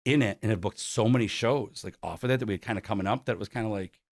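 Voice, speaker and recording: A man's voice: lowish voice, quick pace, darkish tone, dry recording, studio quality. A man in his forties from Buffalo, a concert promoter telling stories as a guest. He acts out the quoted dialogue and leans on "like" a lot. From Buffalo, New York. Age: 40s. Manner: heavy use of "like". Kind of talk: storytelling interview.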